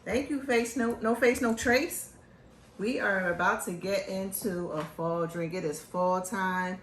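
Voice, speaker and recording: A woman from Philadelphia hosting a casual show, talking in an animated, joking, chatty way. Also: medium pitch, a little slow, echoey room, slight background noise. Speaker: host. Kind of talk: casual chat.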